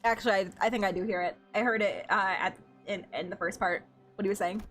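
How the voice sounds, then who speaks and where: A young woman streams a game, giggling, getting excited and reading the game text aloud. She talks fast in a mid-range voice over soft background music.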